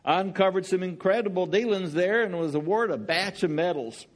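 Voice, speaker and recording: A man's voice: high voice, animated, a little fast, pitched above the performer's own voice. A man voicing a boastful retired old male talking dog who spied for the government, speaking with a folksy Southern drawl.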